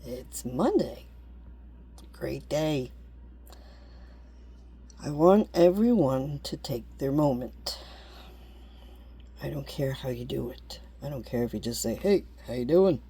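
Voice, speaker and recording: A woman's voice: rumbling low, slow pace, creaky, long pauses, warm tone, slightly rough. A woman talking straight to camera in a rambling, blunt vlog, swearing freely and laughing often. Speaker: vlogger. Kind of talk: casual rambling monologue.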